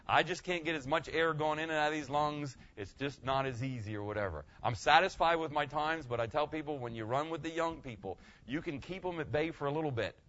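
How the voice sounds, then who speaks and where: A man's voice: medium pitch, a bit bright, highs cut off. An older man preaching a conversational sermon as a pastor, folksy and rambling, often asking "okay?".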